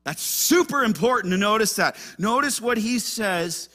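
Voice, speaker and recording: Male pastor, impassioned sermon delivery, high bright voice, hushed to fervent. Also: animated, moderate pace. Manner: impassioned preaching, swings between hushed and loud.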